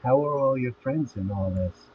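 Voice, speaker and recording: A man's voice: medium pitch, moderate pace, natural voice. A man reading the lines of a sarcastic young man in jail, in a dry, plain voice. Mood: wry. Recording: tinny phone-like audio with faint hiss.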